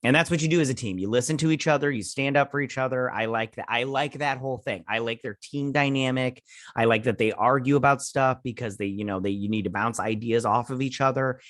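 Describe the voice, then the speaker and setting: A man talks through a TV episode in a loose, rambling recap, paraphrasing scenes with a steady stream of "he's like". His voice sits at an ordinary middle pitch. The sound is dry and close, with no room echo. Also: a little fast. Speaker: host. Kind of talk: casual episode recap and review.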